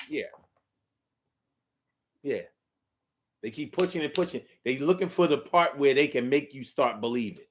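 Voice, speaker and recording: A man's voice: medium pitch, normal speed, long pauses, music in the background. A man giving a casual spoken monologue to his viewers, emphatic and repeating phrases for effect. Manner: talks straight to the audience. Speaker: vlogger.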